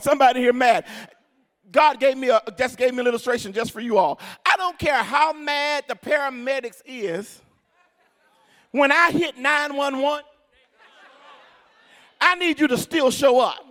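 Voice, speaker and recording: A male pastor preaching a sermon in a church, telling stories, swinging from shouted lines to quiet asides. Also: very high voice, expressive, moderate pace. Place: church sanctuary with congregation.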